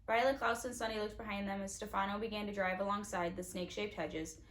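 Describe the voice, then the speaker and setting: A woman's voice: mid-range voice, steady tone, fast, fairly bright tone, slight background noise. A woman reading a children's novel aloud in a casual way, with small slips and restarts. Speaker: audiobook reader.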